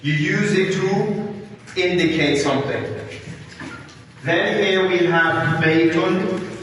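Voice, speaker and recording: Brief: male teacher, slightly higher voice, slow deliberate delivery, recorded from afar in a reverberant classroom. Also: a bit bright, a little hiss or hum. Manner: slow, patient, questions students by name. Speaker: Arabic teacher. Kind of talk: classroom lesson. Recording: echoey hall, mic far off.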